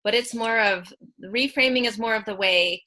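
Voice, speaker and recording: Brief: female interview host, bright crisp voice, encouraging, many quick okays. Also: on the high side. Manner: supportive, frequent short affirmations. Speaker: podcast host. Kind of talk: casual interview conversation.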